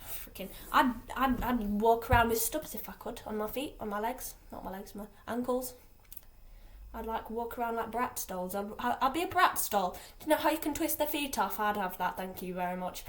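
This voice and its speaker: A woman's voice: fairly high pitch, moderate pace, fairly bright tone, a little hiss or hum. A teenage girl from England chatting aimlessly in a casual vlog, full of fillers and restarts. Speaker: vlogger. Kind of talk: rambling casual vlog chat.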